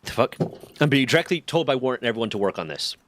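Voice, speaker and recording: Speaking in a rapid-fire, medium-pitched voice, a streamer retells something that happened at work. He's casual and foul-mouthed, animatedly performing the dialogue as he quotes it.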